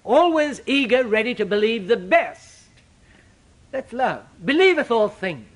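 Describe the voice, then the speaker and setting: An older man preaching a sermon, with dramatic, sweeping shifts in pitch and loudness. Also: big pitch swings, measured pace.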